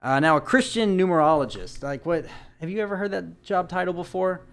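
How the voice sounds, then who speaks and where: A man's voice: high-pitched, lively intonation, brisk, smooth. A man co-hosting a casual podcast, explaining a conspiracy theory with frequent fillers and restarts. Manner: hesitant, lots of uhs and restarts while explaining. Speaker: podcast co-host. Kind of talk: casual chat.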